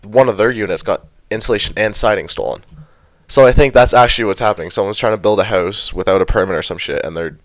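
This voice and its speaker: A man's voice: fairly low pitch, quick pace, no room sound. A young man co-hosting a podcast, chatting casually in a laid-back, rambling way. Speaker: podcast co-host.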